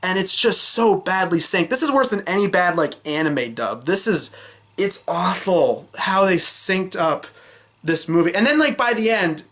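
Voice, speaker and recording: A man talking through a film in a loose, off-the-cuff review vlog. His voice sits a bit high, and he hedges and restarts as he goes, blunt and fed up with the weak parts. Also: animated, measured pace, a bit bright. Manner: rambling, with many fillers and restarts; frank, exasperated criticism.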